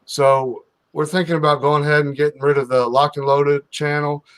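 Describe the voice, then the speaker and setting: A man's voice: on the high side, little pitch movement, normal speed, clean tone. Joking livestream host, a man. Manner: joking, then reads out chat with shout-outs. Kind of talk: casual livestream chat.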